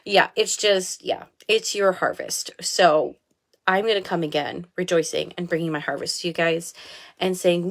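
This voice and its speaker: Brief: woman in her 30s, live video from a small bathroom, candid and heartfelt, quick to laugh, lowish voice. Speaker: life coach. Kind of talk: casual live video talk.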